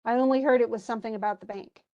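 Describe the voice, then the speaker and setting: A woman's voice: a little high, steady tone, rapid-fire, darkish tone, lo-fi sound, lightly acted. A woman reading the lines of an unsentimental middle-aged male doctor from a play in a plain, lightly voiced manner. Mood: dry. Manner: plain read-through with little voicing.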